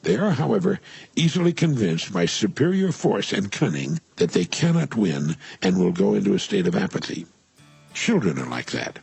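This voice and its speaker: Older male motivational speaker, low husky gravelly voice, earnest radio talk, lively inflection. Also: dry recording, faint music behind. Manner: measured, earnest, stresses key words. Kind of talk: scripted inspirational radio talk.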